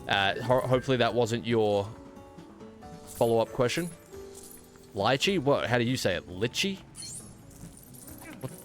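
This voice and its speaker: A man's voice: medium pitch, lively intonation, moderate pace, pauses often, faint music behind. A man with an Australian accent streaming a game, chatting casually and playfully with a mock-indignant edge. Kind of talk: casual live-stream chat while gaming.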